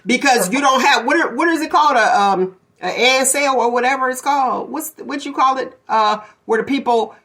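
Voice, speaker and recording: Outspoken lady hosting a chat show, bright voice, a bit high, laughs a lot. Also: brisk, few pauses. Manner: opinionated, blunt, laughs often. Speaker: podcast host. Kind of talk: casual chat.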